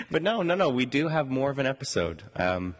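A man hosting a casual podcast, talking in a rambling way with lots of fillers. At times he interviews a guest at a booth on a convention floor. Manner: rambling, many fillers, jumps high in pitch when excited. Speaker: podcast host.

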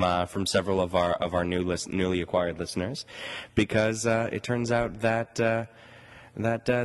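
A man hosting a casual podcast, talking in a rambling way with lots of fillers. At times he interviews a guest at a booth on a convention floor. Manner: rambling, many fillers, jumps high in pitch when excited. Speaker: podcast host.

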